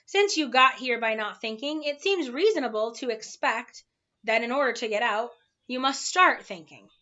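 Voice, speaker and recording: A stern, impatient watchdog, put on by a woman reading aloud, growling and scolding in a raised, forceful voice. The storybook sound is dull and lo-fi. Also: a little high, normal speed. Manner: growling, scolding, barking orders.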